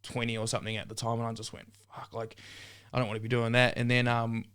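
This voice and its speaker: A young man from New Zealand, a podcast guest in a relaxed casual chat, often saying "man" and "bro". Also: mid-range voice, quick pace, clear, resonant tone. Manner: laid-back, says "man" and "bro" often.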